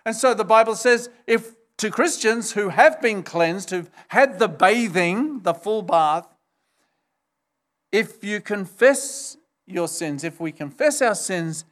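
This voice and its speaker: A man's voice: sits high, a bit bright. A man preaching a sermon, emphatic and earnest as he explains scripture to his congregation. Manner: emphatic, retells scripture with acted quotes. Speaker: pastor.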